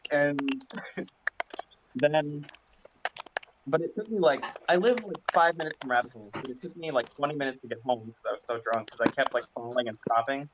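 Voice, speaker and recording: A man, a drag performer, telling funny stories in casual chat on a livestream, rambling and animated. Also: mid-range voice, brisk. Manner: rambling, animated, acts out quoted voices loudly. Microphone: video call. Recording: dull lo-fi sound with clear background noise.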